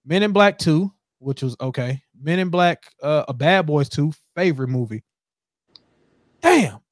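A man hosting a podcast, ranting in casual chat, animated and heavy with profanity. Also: fairly high pitch, moderate pace, no echo, clean studio sound. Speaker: podcast host.

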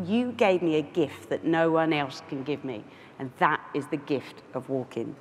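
A woman's voice: low voice, normal speed. A woman in her forties from London, with a London accent, giving a conference keynote full of self-deprecating asides and restarts. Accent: London English. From London, England. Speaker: keynote speaker. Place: large conference hall. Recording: echoey hall with faint noise.

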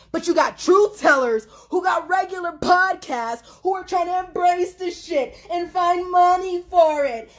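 A young woman ranting on a livestream, emotional and profane, swinging between shouting and laughter. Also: extremely high pitch. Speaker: livestream host. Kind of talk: impassioned livestream rant.

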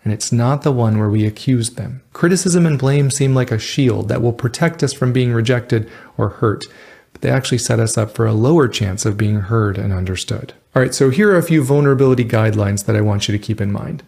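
A man's voice: medium pitch, fairly quick, vocal fry, a little mellow, husky. A man hosting a relationship advice show, giving a scripted, earnest, instructive talk straight to the viewer.

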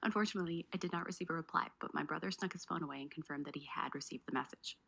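Fast husky woman telling a prank story. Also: sits low, pushed and bright, poor audio. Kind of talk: scripted storytelling narration.

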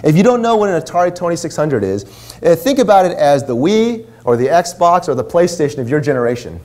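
Chatty minister telling a story. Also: male voice, a little high, big pitch swings, fairly quick, a little mellow. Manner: casual, chatty, many asides. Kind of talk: sermon storytelling. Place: church.

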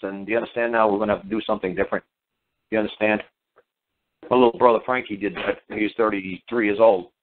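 Rambling man on a tinny phone line. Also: lowish voice. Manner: rambling, repeats words, acts out quoted dialogue. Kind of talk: casual storytelling talk.

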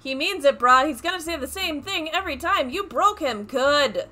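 Woman gaming on stream, high voice, bright and sharp, reads game text aloud, swears loudly. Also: lively intonation, normal speed. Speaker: gamer recording a let's play. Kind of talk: casual gameplay commentary.

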